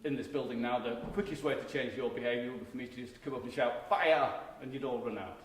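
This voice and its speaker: A middle-aged marketing professor delivers a keynote lecture in a conference hall, speaking conversationally and emphatically, with frequent restarts. His mid-range voice holds a steady tone at a quick pace. The hall recording is echoey, with faint background noise.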